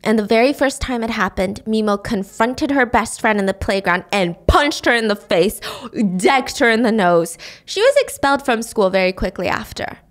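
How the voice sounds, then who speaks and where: A woman podcast host retelling a story in a chatty, animated way, often laughing. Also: a little high, normal speed. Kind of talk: casual storytelling recap.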